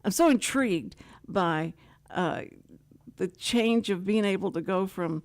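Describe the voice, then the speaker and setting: An older woman hosting a talk show, telling stories in a rambling, animated way full of asides. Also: mid-range voice, a little slow. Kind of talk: casual chat.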